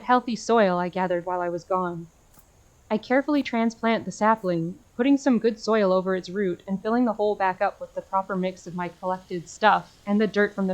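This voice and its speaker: A woman's voice: mid-range voice, fairly quick. A woman streamer reading a visual novel aloud in an earnest, emotional way, breaking off to gush at the screen.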